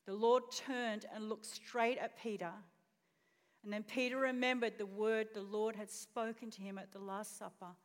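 Speaking at a moderate pace with a steady tone and medium pitch, a woman pastor preaches, telling a story with expression and questioning the congregation. It was recorded in a church auditorium, with long reverb from the hall.

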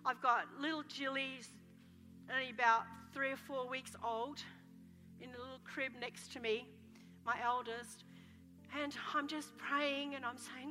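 A woman pastor preaching a passionate sermon, telling dramatic stories and breaking into shouts of praise in a church. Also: high-pitched, fairly even intonation, measured pace. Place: church hall. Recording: reverberant hall with soft music.

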